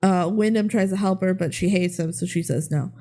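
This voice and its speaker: A woman's voice: fairly low pitch, brisk, warm tone. A woman co-hosting a podcast, recapping a movie in casual chat, laughing often and swearing freely. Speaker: podcast co-host.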